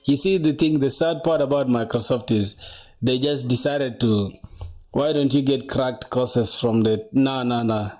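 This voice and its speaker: Young male streamer, rambling casual chat, mellow dark tone, keeps saying bro. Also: medium pitch, measured pace. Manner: chatty, rambling, says bro a lot, reads chat aloud. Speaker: coding livestreamer.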